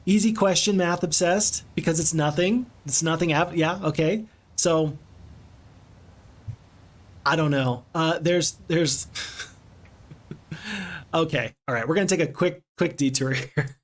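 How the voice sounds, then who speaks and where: A male streamer with a fairly high voice talks casually to his viewers while playing a strategy game. He is chatty and expressive and breaks into frequent exclamations. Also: takes it slowly, long pauses. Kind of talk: casual live-stream chat.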